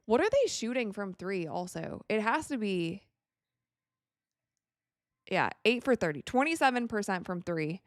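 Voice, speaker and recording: A woman's voice: mid-range voice, big pitch swings, unhurried, pauses often, no room sound, clean studio sound. A young woman hosting a live watch stream, chatting casually and reacting to the plays as they happen. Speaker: livestream host.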